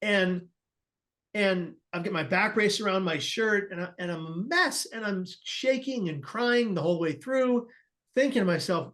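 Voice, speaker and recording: A man's voice: high-pitched, normal speed, a bit bright. A man, a guest on an interview podcast, earnestly tells a personal story and acts out the people he quotes, often restarting his sentences.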